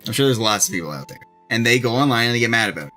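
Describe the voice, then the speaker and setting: A man's voice: medium pitch, expressive, rapid-fire, pushed and bright. A young man co-hosting a let's play, chatting casually and joking, often laughing as he rambles. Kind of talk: casual gameplay chat. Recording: faint game music behind.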